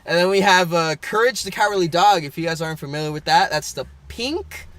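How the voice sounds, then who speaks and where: A man's voice: sits high, brisk, a bit bright. A young man co-hosting a podcast in casual chat, rambling with fillers and laughing often. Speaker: podcast co-host.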